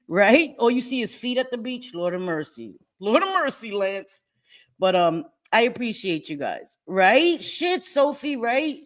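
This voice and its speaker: A woman chatting casually on a livestream, reading and answering viewers' comments, talkative and quick to laugh. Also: on the high side. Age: older. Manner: chatty, laughs often, animated.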